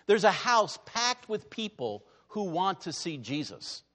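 A man preaches a sermon in a church sanctuary, his voice set high and swinging widely in pitch. He drops to a hush and then rises to loud emphasis. Long reverb trails each phrase. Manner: dramatic, swinging from hushed to loud. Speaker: pastor.

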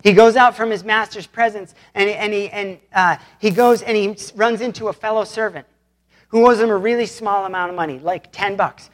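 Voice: medium pitch, fairly quick. A pastor giving a conversational sermon, retelling scripture in plain everyday words.

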